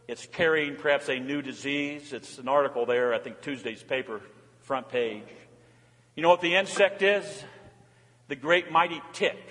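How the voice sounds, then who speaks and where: A man's voice: medium pitch, fairly bright tone. An older man, a pastor preaching a sermon in a church, with earnest emphasis that rises and falls. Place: church sanctuary. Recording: long hall reverb.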